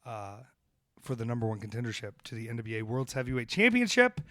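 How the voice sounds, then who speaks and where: A man who is a professional wrestler co-hosting a podcast, ranting with heavy swearing, then telling road stories, his loudness swinging between shouted emphasis and hushed asides. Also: medium pitch, very animated, fairly quick, no room sound, clean studio sound. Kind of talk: fired-up rant, then casual storytelling.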